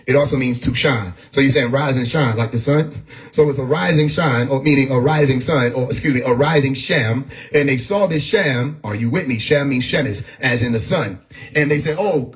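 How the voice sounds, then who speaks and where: Male host holding forth on a live stream, preachy, keeps urging the audience to stay with him, quick bursts of laughter. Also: mid-range voice. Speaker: livestream host. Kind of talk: casual livestream monologue.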